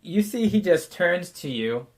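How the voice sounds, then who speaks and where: A man's voice: high-pitched, sing-song, measured pace, a little mellow. A man narrating as game master of a tabletop game, casual and rambling, laughing often.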